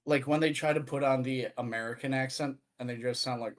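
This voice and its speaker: A man's voice: medium pitch, steady tone, brisk, hardly any pauses, low-quality recording. A man chatting and joking playfully as a player in a tabletop game. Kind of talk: casual chat among players.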